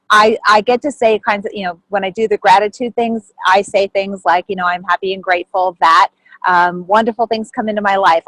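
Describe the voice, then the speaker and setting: A woman telling a personal story on a video call, lively and animated, acting out what others said with big jumps in pitch. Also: dry recording, rough recording. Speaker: group member sharing a story.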